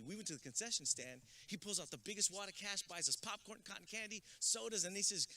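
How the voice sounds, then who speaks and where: A man from San Antonio, a guest speaker giving a rousing motivational graduation speech, mixing personal stories and jokes with shouted calls to the crowd. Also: fairly high pitch, lively intonation, fast, gravelly, hardly any pauses. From San Antonio, Texas. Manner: storytelling with jokes.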